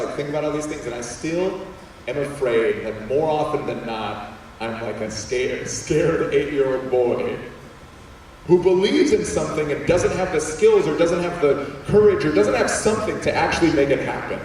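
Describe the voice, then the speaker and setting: A man's voice: on the high side, slight background noise. A young man giving a storytelling talk to students in a school auditorium, acting out voices as he tells it. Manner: animated storytelling with acted-out voices. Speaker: guest speaker. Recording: echoey hall, voice from far off.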